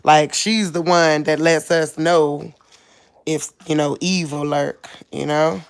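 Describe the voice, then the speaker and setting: Woman vlogging at home, slow easy drawl, chuckles a lot, relaxed chatty. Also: sits low, gravelly, clean tone. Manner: laid-back, chuckling, loose everyday speech. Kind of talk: casual talk to camera.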